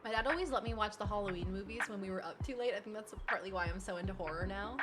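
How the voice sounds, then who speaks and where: A woman's voice: mid-range voice, fast, over loud music. A woman streaming a game, chatting casually with viewers and reading the game's text aloud.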